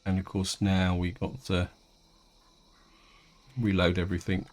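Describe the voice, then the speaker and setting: Low-voiced man rambling over gameplay. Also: monotone, a little slow. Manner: rambling, many restarts and fillers. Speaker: gaming video host. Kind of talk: casual let's-play commentary.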